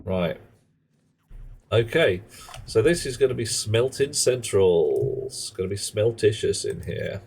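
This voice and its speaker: Slow, low-voiced male streamer. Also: animated, creaky, darkish tone, slight background noise. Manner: rambling, joking, muttering asides. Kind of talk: casual live-stream chat while gaming.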